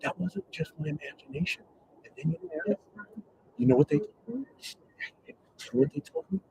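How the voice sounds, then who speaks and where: A man's voice: sits high, expressive, normal speed, creaky, noisy background. A man telling a rambling personal story in casual talk, profane and full of restarts.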